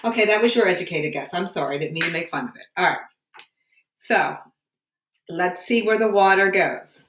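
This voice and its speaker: Woman teacher, bright tone, patient and encouraging, recorded in a roomy home space. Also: fairly low pitch, expressive, moderate pace, a little hiss or hum. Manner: patient, encouraging classroom questioning. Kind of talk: home science lesson to students. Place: home room.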